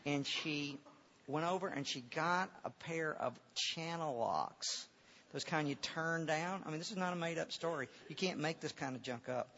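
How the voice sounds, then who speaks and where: A man's voice: a little high, normal speed, pushed and bright, slight background noise. A man preaching a sermon and telling a personal story, earnest, often repeating words and restarting. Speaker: pastor. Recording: dull lo-fi recording.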